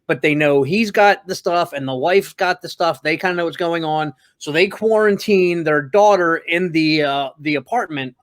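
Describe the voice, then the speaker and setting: A man's voice: fairly high pitch, normal speed, hardly any pauses, no room sound. A man co-hosting a podcast, chatting casually about a movie with wry, stammering restarts. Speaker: podcast co-host. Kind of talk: casual movie review chat.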